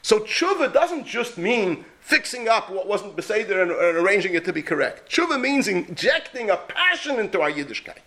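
Lively, high-voiced rabbi lecturing. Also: male voice, normal speed, hardly any pauses. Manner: emphatic, poses rhetorical questions; mixes Yiddish and Hebrew terms into English. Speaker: rabbi teaching a class. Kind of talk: Torah lecture.

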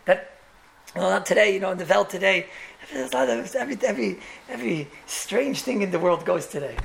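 A man's voice: high-pitched, lively intonation, brisk, creaky, a little hiss or hum. A man, a rabbi, gives a Torah lecture in English full of Yiddish and Hebrew terms, telling stories with repeated words and chuckling asides.

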